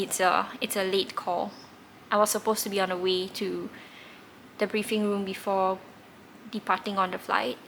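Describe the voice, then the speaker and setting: A woman's voice: mid-range voice, fairly bright tone, slight background noise. A woman, candidly telling a personal story in a reflective way, with occasional laughs. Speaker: tarot reader recounting her past.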